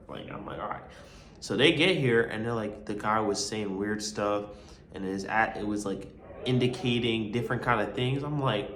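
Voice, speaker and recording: A man's voice: mid-range voice, fairly bright tone. Young male college vlogger, casual slangy storyteller, roomy echo, faint background hum. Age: young adult. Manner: rambling, slangy, full of "you know what I'm saying".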